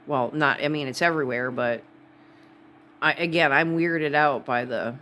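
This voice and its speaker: A woman's voice: low-pitched, moderate pace, a bit bright, slight background noise. A woman from Wisconsin with a Wisconsin accent, talking to camera in a rambling, digressive vlog. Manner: rambling, digressive, full of asides. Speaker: vlogger. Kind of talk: casual rambling monologue.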